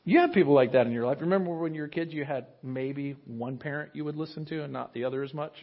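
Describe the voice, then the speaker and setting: Animated man preaching a sermon. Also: on the high side, fast talker, highs cut off. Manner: animated, jokey asides, acts out quotes. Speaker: pastor.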